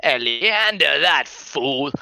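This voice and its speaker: A man's voice: on the high side, lively intonation, slow pace, creaky, sharp tone, smooth, no room sound, exaggerated voice. A man voicing a drunk, belligerent middle-aged male guard with slurred speech and a boastful, sneering manner. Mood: scornful.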